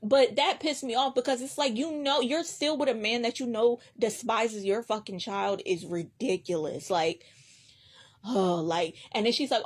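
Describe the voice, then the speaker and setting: A woman recapping a TV episode as a live reaction vlogger, retelling it bluntly, with lots of swearing and animated asides. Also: medium pitch, moderate pace.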